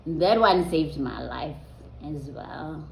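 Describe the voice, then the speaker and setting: Slow, low-voiced woman. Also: expressive, vocal fry, slight background noise. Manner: conversational and unhurried, trailing off with soft ums. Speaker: vlogger. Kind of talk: personal storytelling to viewers. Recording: roomy echo.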